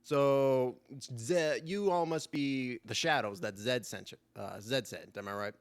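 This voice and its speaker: A man voicing a brisk, no-nonsense elven woman investigator who speaks in firm, clipped lines. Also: mid-range voice, lightly acted. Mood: businesslike.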